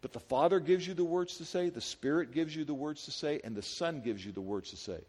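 A middle-aged male pastor preaching a sermon in a lively, conversational way, firing rhetorical questions at a congregation. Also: a little high, fairly quick, slightly rough, in a large hall.

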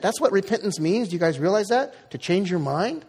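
A man preaching a sermon, reading scripture and then telling a lively personal story, his voice climbing high as he gets excited. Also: normal speed, few pauses. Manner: animated storytelling, rising high when excited. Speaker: pastor. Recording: long hall reverb.

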